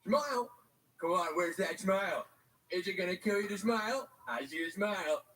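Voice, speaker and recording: A woman's voice: on the low side, expressive, normal speed, a bit bright, recorded from a distance, slight background noise. A woman voicing a pushy, impatient school photographer in a cartoon who coaxes kids to smile. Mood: coaxing. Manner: coaxing, impatient.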